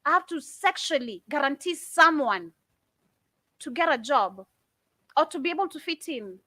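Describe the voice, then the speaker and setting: Fiery, high, bright-voiced woman. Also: expressive, normal speed, no echo. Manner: fiery, indignant, rhetorical questions. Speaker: commentator reacting to videos. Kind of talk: impassioned commentary.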